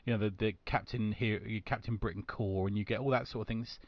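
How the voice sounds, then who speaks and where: A man in casual chat, blunt and quick, swearing freely. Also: fairly low pitch, steady tone, no room sound. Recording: dull lo-fi audio.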